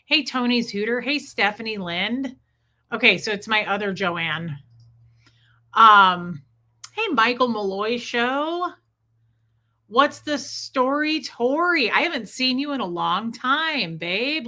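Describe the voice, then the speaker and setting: A woman's voice: a little high, pushed and bright. A woman hosting a casual livestream, greeting viewers by name one after another. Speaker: livestream host.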